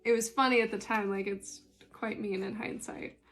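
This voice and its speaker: A woman's voice: mid-range voice, fairly even intonation, normal speed, fairly bright tone, faint music behind. A young adult woman, a spiritual life coach, chatting casually with dry, sarcastic humor while reading tarot cards.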